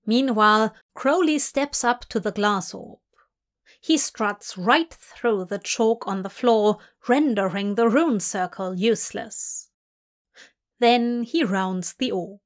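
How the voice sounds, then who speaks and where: A woman reading a fanfiction story aloud in slow, even storybook narration. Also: medium pitch. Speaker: fanfiction reader.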